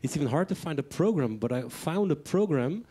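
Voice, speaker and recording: A man's voice: on the high side, animated, fairly quick, warm tone, husky. A man interviewing a guest on a venue stage, speaking in a conversational, informal way.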